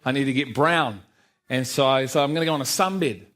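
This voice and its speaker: A man's voice: medium pitch, brisk, a bit bright. Self-deprecating middle-aged New man. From New Zealand. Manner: self-deprecating storyteller, laughs often, acts out quoted dialogue. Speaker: church speaker giving testimony. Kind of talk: personal testimony in church. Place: church service.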